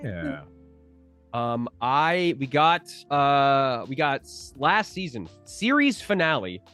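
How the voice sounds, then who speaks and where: A man's voice: mid-range voice, big pitch swings, takes it slowly, fairly bright tone, clear, resonant tone, faint music behind. A man telling laid-back stories on a virtual convention panel, laughing as he goes. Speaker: voice actor panel guest. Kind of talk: casual convention panel storytelling. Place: online video call.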